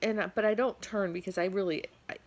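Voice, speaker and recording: Tired, gravelly-voiced woman vlogging. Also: mid-range voice, fast. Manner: rambling, animated storytelling with many fillers. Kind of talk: casual storytelling vlog. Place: home.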